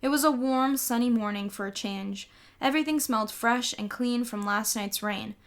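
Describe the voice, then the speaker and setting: A woman's voice: on the high side, moderate pace. Woman reading a children's novel aloud. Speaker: audiobook reader.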